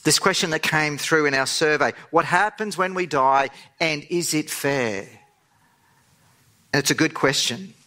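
Bright, lively male preacher. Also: a little high, unhurried. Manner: animated storyteller, acts out voices in the tale. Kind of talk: sermon with storytelling.

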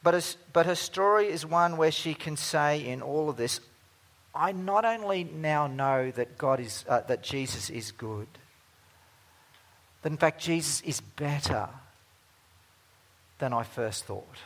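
A man preaching a sermon as pastor, earnest, moving between emphatic stretches and hushed ones. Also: on the high side, unhurried, pauses often.

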